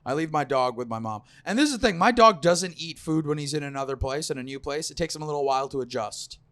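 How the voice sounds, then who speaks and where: Male co-host, high-pitched, quick affirmations, loose chatty delivery. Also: lively intonation, fairly bright tone, no room sound. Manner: affirming interjections, laughs often. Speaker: podcast co-host. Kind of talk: casual banter.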